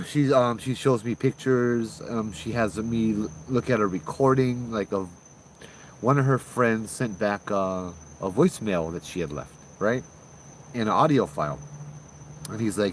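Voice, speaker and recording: A man, hosting and telling a ghost story in a loose, conversational way, with fillers and sudden loud bursts. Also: on the low side, normal speed, a little hiss or hum, low-quality recording. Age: 30s. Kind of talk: casual spoken ghost story.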